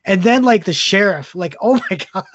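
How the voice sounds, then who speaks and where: A man co-hosting a casual movie podcast, easygoing and halting, with many fillers and chuckles. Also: sits high, lively intonation, no echo, highs cut off. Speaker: podcast co-host.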